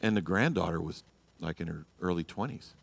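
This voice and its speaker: A man's voice: deep voice, lively intonation, brisk, gravelly, big-room sound. A man teaching a church marriage class, blunt and exhorting, often checking in with "you know" and "okay?". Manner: acts out quoted people in a raised voice.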